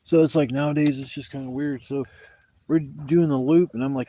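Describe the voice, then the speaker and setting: A man's voice: mid-range voice, fast talker, dark tone. A man livestreaming from his outdoor campsite, telling rambling, profanity-laced stories in a casual way. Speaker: camping livestreamer.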